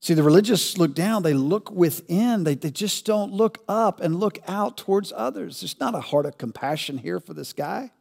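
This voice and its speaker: A man preaching a sermon as pastor, asking rhetorical questions and building to loud, emphatic peaks. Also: high-pitched, lively intonation, normal speed, gravelly, hardly any pauses, in a large hall.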